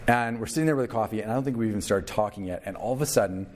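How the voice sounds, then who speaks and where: A man preaching a sermon, telling a story with lively acted-out quotes. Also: fairly low pitch, very fast, a little hiss or hum. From Canada. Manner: animated storyteller, acts out quotes. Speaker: pastor.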